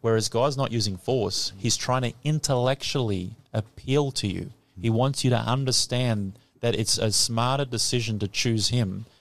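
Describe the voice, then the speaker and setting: A man's voice: medium pitch, moderate pace, few pauses. A man teaching the Bible on live radio, quizzing a class in front of him and laughing often. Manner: lively, laughing, asks the audience questions. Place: tent or hall with a live audience.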